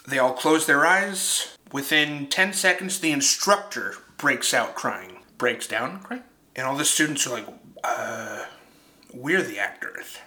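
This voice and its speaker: A young man chatting casually through a film review, animated and quick to laugh at himself. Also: a little high.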